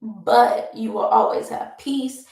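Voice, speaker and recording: A woman's voice: fairly high pitch, slow pace, gravelly, darkish tone, echoey room, low-quality recording. A young woman vlogger chatting casually while doing her makeup, rambling and laughing often.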